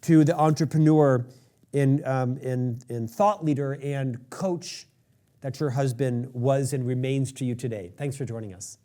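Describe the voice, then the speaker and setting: A man hosting an interview podcast, animated and enthusiastic, joking about himself. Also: medium pitch, unhurried. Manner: animated, exuberant, self-deprecating humor. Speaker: podcast host.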